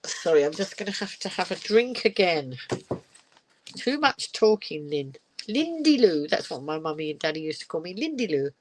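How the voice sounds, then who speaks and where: A woman's voice: deep voice, animated, moderate pace, slight background noise, poor audio. Older woman, grandmother, reading a picture book aloud, chatty asides. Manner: chatty asides, laughs often. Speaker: storyteller and live streamer.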